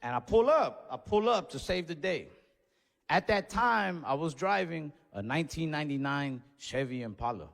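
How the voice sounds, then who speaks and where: Animated comedian on a reverberant stage. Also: male voice, fairly high pitch, moderate pace, creaky. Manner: animated, acts out voices and yells in his stories. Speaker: stand-up comedian. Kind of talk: stand-up storytelling. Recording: stage mic in a reverberant venue.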